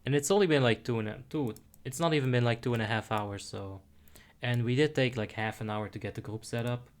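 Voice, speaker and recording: A man's voice: mid-range voice, brisk. A young man giving casual commentary while playing a game, chatty and self-deprecating, muttering asides to himself. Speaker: streamer.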